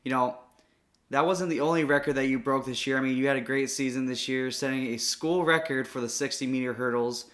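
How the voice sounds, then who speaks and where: A man hosting a podcast, asking his guest questions in a measured, friendly way. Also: mid-range voice, fairly even intonation, fairly bright tone. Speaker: podcast host. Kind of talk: interview questions.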